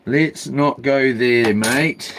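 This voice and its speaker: A man's voice: mid-range voice, very slow, background noise. A man with a New Zealand accent, rambling and slangy as he vlogs from a houseboat. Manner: rambling, slangy, self-talking. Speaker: vlogger. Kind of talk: casual chat to camera. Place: houseboat on the ocean.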